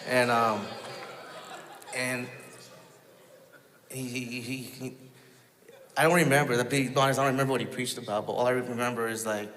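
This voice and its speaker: A man telling his personal testimony in a casual storytelling way, halting, with many restarts and quoted asides. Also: medium pitch, fairly even intonation, a bit bright, long reverb tail.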